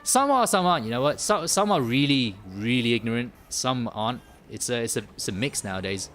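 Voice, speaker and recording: A man's voice: medium pitch, lively intonation, a little fast, fairly bright tone, faint music behind. A man from the UK hosting a live game stream, rambling and joking with many restarts and fillers. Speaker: gaming livestream host. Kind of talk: casual live stream chat.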